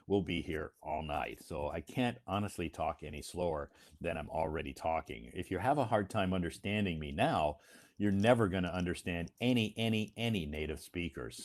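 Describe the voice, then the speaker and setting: Deep-voiced American man, slow and deliberate. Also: a little mellow. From United States. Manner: slow, deliberate delivery with frequent fillers. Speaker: English teacher hosting a live stream. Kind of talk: casual live-stream chat.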